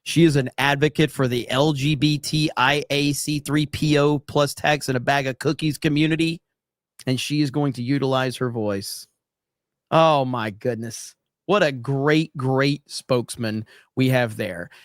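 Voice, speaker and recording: Reading chat aloud on a laid-back livestream, this American host jokes around and leans on frequent fillers. He speaks at a measured pace with a medium-pitched, steady voice, recorded in studio quality with no room sound.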